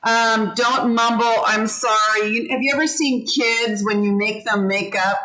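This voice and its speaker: Slow, patient woman teaching vocabulary. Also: a little high, fairly even intonation, a bit bright, low-quality recording. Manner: slow, patient, leads the class in repeating words. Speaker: ESL teacher. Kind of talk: online vocabulary lesson.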